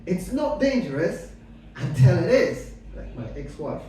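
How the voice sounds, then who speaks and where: A middle-aged man from Afghanistan doing stand-up comedy with dry, deadpan delivery, full of hesitant fillers and some crowd work. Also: high voice, a little slow. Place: comedy club stage. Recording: echoey room mic heard from a distance.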